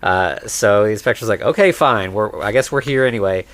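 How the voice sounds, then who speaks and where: A man co-hosting a podcast, casually recapping a movie and putting on quick voices for its characters. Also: on the low side, fairly bright tone, no room sound. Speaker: podcast co-host.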